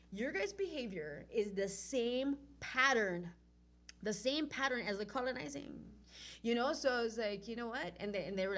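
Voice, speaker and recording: A woman telling a personal story in a casual, animated way, acting out the dialogue. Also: medium pitch. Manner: animated, acts out quoted dialogue.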